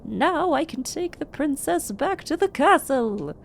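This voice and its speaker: Pompous knight, a woman putting on a gruff male voice, formal, slow, gravelly. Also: high-pitched, big pitch swings, a little hiss or hum, pitched above the performer's own voice, full character voice. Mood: determined. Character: pompous, stiff middle-aged male knight.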